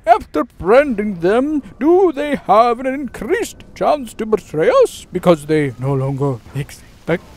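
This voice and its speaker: A man's voice: sits high, big pitch swings, a little slow, hardly any pauses, darkish tone, exaggerated voice. A man putting on a pompous, mock-British voice to read out a fan's question, drawing his words out. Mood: inquiring. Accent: put-on British. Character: pompous British adult male fan asking questions.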